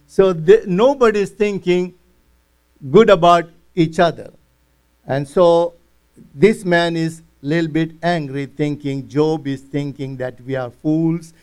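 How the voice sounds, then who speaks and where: A man leads a verse-by-verse Bible study. His voice is high and smooth, and he speaks at an unhurried pace. He earnestly restates each passage in simple terms. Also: darkish tone. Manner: earnest, paraphrasing verses in plain words. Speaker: Bible teacher.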